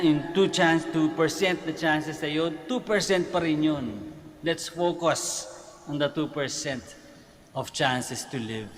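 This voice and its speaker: Filipino priest preaching in a reverberant basilica. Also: male voice, mid-range voice. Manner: conversational preaching with rhetorical questions. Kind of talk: homily at morning Mass. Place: large church basilica. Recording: long church reverb with faint noise.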